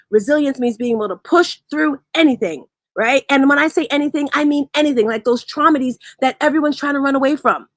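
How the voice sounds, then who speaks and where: Upbeat woman host, bit high voice, dry close sound, lively storytelling. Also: dry recording. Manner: animated storyteller, laughs easily, energetic. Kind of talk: motivational talk on a live audio room.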